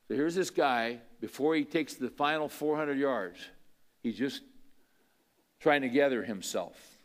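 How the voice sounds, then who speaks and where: A man's voice: medium pitch, a little slow. A man preaching a sermon, telling a story in a conversational way and asking his listeners rhetorical questions. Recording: long hall reverb.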